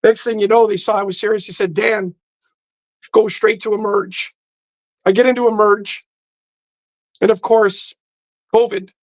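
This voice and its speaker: A man's voice: sits high, steady tone, unhurried, pauses often, no echo, lo-fi sound. A man on a podcast telling a personal story intensely, acting out the dialogue as he goes. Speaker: podcast guest. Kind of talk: storytelling in casual chat. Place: podcast studio.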